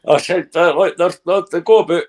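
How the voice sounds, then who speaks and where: A man's voice: sits high, steady tone, fairly quick, a little mellow. A man rambling and swearing as a guest in a casual live stream chat. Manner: rambling, swears, laughs at his own talk.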